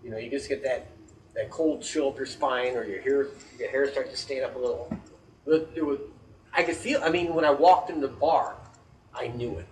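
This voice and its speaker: A man's voice: medium pitch, normal speed, darkish tone. A man co-hosting a chat show, telling a personal story in an earnest, anecdotal way. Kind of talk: casual radio-style chat. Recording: distant from mic, faint noise.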